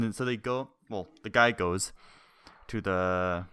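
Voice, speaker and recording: A man's voice: low voice, normal speed, bright, forceful tone, clean tone, no echo. Rambling young man telling a story. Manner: rambling, swears freely, laughs through his story. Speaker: podcast co-host. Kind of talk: casual storytelling chat.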